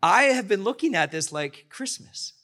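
A man's voice: high-pitched, expressive, normal speed, pushed and bright. A man preaching a sermon as pastor, enthusiastic and rambling, often restarting his sentences.

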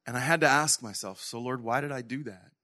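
A middle-aged male pastor preaching a sermon earnestly to his congregation, sometimes falling to a soft whisper. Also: medium pitch, brisk. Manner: earnest, drops to soft whispers when quoting God.

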